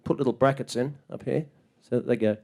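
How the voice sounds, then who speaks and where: This stand-up comic, a man working a small club, rants and swears incredulously, breaking into loud, shrill yells when he impersonates others. His intonation stays fairly even and his delivery is brisk.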